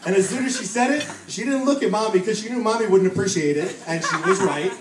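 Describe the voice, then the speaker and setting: A man's voice: high voice, fast, background noise. A middle-aged man giving a toast as a father at a family celebration, a fond, joking storyteller. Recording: echoey hall, mic heard from far, crowd behind.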